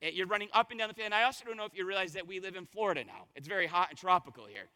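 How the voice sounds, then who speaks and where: A man preaching a conversational sermon as pastor, his voice a little hoarse, telling stories and asking the congregation questions. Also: sits high, expressive, rapid-fire, bright, forceful tone, in a large hall. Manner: conversational, storytelling with rhetorical questions. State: slightly hoarse voice.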